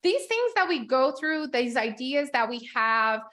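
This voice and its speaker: A woman's voice: high voice, big pitch swings, unhurried, fairly bright tone. A woman business coach teaching a live group in a chatty, upbeat way, with lots of "like"s and frequent laughs. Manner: chatty, upbeat, filler-heavy with many "like"s.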